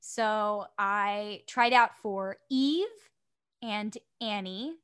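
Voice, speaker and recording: A woman chatting casually as a podcast guest, telling animated stories and laughing often. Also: medium pitch, very slow, clear, resonant tone. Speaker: guest voice actor.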